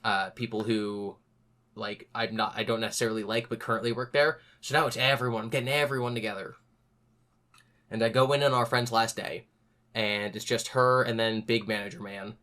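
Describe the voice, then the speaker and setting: A young man hosts a casual podcast chat. His voice is bright and forward. He tells stories with lively energy and raises his voice to act out what others said. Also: fairly low pitch, a little fast. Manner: animated, acts out other people's lines in a raised voice. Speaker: podcast host.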